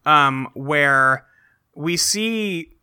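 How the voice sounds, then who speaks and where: A man with a high, very bright voice chats through a show recap. He is animated and swears freely, and his pitch swings widely as he acts out the characters' lines for laughs. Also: extremely slow, clear, resonant tone. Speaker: podcast host recapping a show. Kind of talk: casual chat.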